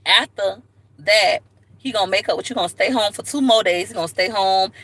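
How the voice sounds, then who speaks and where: Sassy, bright-voiced woman giving advice. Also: medium pitch, a little fast. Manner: sassy, preachy, talks straight to the viewer. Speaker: livestream host. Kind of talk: comedic relationship-advice rant.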